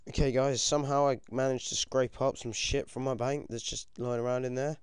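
Brit teen lad commentating his game, swears loads, gets yelpy, smooth voice, dry close mic. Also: mid-range voice, a little fast, dry recording. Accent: British. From United Kingdom. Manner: excitable, swears a lot, yelps when things go wrong. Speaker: gaming commentator.

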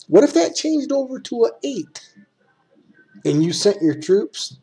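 A man's voice: extremely high pitch, sing-song, a little slow, pauses often, dark tone, breathy edge. A man with a folksy, rambling way of talking, who speaks straight to the viewer as he walks through a computer game. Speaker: game tutorial maker. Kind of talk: casual screen-recorded game tutorial.

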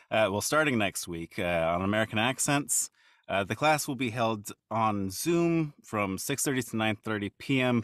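A man hosts a casual interview, leading with questions and peppering his speech with "uh"s. His mid-pitched voice sounds dry and close, with no room around it. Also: a bit bright, dry recording. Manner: friendly, loose, lots of filler "uh"s. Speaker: interview host.

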